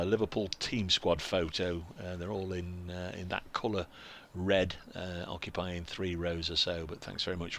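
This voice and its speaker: A man's voice: deep voice, fairly bright tone, slight background noise. A man with an English accent giving live, chatty cricket commentary from a commentary box at a ground, reading out messages from viewers and poking fun at himself. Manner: chatty, self-deprecating, reads out viewer messages.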